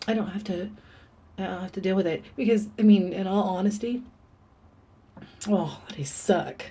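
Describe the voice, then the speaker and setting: A woman speaking in a personal confessional vlog, earnest and halting, talking openly about painful memories in a dark room. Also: mid-range voice, slightly rough. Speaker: vlogger.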